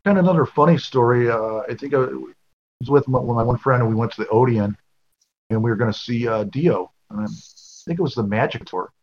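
A man's voice: mid-range voice, a little fast, highs cut off, a little hiss or hum. A man co-hosting a casual podcast chat, telling loose anecdotes with many fillers. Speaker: podcast co-host.

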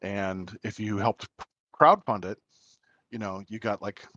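A man's voice: lowish voice, measured pace, a bit bright, dry recording, lo-fi sound. A man co-hosting a casual podcast chat, telling stories in a rambling, hesitant way with many fillers. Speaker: podcast co-host.

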